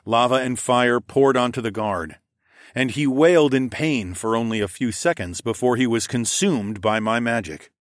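A man narrating a first-person fantasy audiobook in a measured, dramatic way. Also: mid-range voice, no room sound, studio quality.

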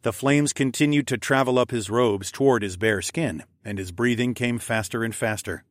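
Brief: male audiobook narrator, mid-pitched, steady and measured, dry close mic. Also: no room sound. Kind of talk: scripted first-person narration.

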